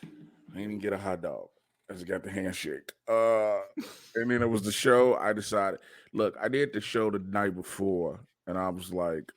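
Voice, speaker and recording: A man's voice: moderate pace, no echo, clean studio sound. A male podcast host in casual comedic chat, joking loosely and sore from a wrestling show. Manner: animated joking, jumps to high mocking voices.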